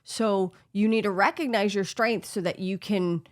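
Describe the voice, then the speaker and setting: Earnest woman co-host, mid-pitched. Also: moderate pace. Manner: earnest, encouraging, quotes scripture. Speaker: podcast co-host. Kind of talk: casual faith-based chat.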